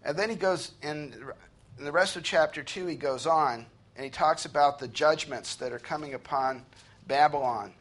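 A man preaching an earnest sermon, slowing down and lifting his voice when he reads scripture aloud. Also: fairly high pitch, fairly bright tone. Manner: earnest preaching, slows and rises to read scripture. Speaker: pastor.

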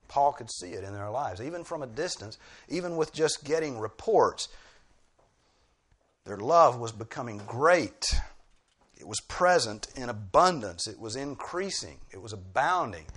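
A man's voice: medium pitch, a bit bright, slightly rough. A male preacher delivering an expository sermon, pressing key phrases with emphatic bursts.

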